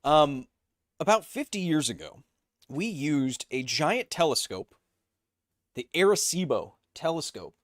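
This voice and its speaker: A man in his thirties hosts a laid-back live stream, reading viewer comments aloud and cracking jokes between them. His voice sits a little high with a sing-song lilt, and he keeps breaking into coughing fits. The audio is studio quality with no room sound.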